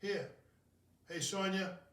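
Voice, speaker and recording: A man's voice: high-pitched, slow, fairly bright tone, distant mic. A man hosting a casual home cocktail video, rambling and joking about himself as he mixes a drink. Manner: jokey, rambling, self-mocking. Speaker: cocktail show host. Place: home kitchen. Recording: roomy, from off the mic.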